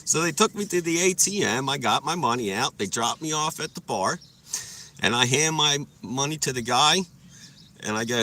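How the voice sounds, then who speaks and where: A young man livestreaming and spinning rambling stories to his viewers, swearing freely and laughing at his own tales. His voice is bright and forceful, and his pitch swings widely. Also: animated, moderate pace. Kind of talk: casual storytelling.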